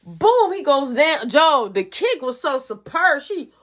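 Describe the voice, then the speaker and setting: A woman's voice: sits high, sing-song, a little slow, a bit bright. A woman telling a personal story in casual, slangy, profane narration.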